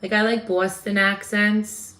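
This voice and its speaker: A woman's voice: medium pitch, little pitch movement, measured pace, fairly bright tone. A woman with a New York accent hosting a casual livestream, chatting with viewers and answering their comments. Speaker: livestream host.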